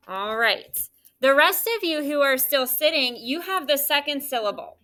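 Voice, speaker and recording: A woman teaching a third grade class in a classroom, leading call-and-response phonics drills with animated, coaxing questions. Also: high-pitched, normal speed.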